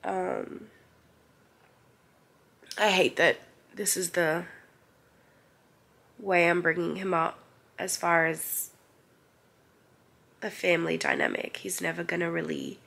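A woman's voice: fairly low pitch, steady tone, slow pace, creaky, pauses often, a bit bright. A young woman vlogger talking candidly to the camera, crying through an emotional personal update. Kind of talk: personal vlog confession.

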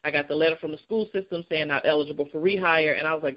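Woman guest, lively personal storyteller who laughs through it and mimics others; muffled lo-fi sound. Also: low voice, rapid-fire. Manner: animated, acts out voices of people in her story; laughs often while talking.

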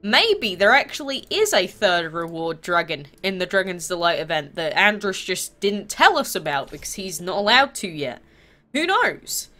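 A congested woman with a stuffy nose from a cold, hosting a mobile game channel in chatty, animated talk full of rhetorical questions. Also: on the low side, moderate pace. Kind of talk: casual gaming vlog chat.

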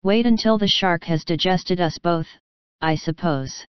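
A woman voicing a calm, resigned tunny fish with a rough voice, speaking in a dignified, philosophical way in a storybook reading. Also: lowish voice, unhurried, dry recording, close to an everyday voice. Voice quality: rough, like an out-of-tune guitar. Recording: slightly muffled, dry.

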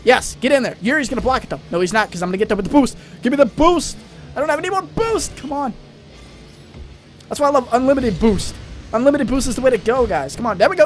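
A young man with a high, bright voice runs an excitable let's-play commentary, rambling through jokes and shouting at his teammates. Soft music plays underneath him. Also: fast talker. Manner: hyper, rambling, yells at teammates. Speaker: gaming channel host.

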